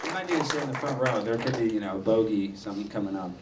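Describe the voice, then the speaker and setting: Man doing a loud, mocking campus speech. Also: fairly low pitch, animated, fast, very noisy. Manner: mocking, swings from loud rants to mutters. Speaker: guest speaker. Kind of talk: provocative live speech. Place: university lecture hall. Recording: echoey hall, distant mic.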